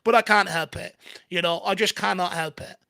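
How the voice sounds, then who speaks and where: A man's voice: high voice, steady tone, brisk, creaky, sharp tone, no room sound. A man co-hosting a football fan watchalong, ranting in exasperation and swearing heavily as he reacts live. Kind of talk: heated live match reaction.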